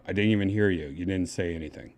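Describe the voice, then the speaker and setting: A man hosting a casual livestream, coaxing and giving step-by-step instructions in a relaxed, chatty way. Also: low voice, brisk. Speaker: livestream host.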